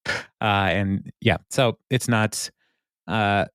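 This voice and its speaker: A man's voice: fairly low pitch, drawn-out words, fairly bright tone, clear, resonant tone, no room sound, clean studio sound. Laughing, rambling man recapping episodes. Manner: rambling, laughs often, with many fillers. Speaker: podcast co-host. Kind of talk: casual chat recapping an episode.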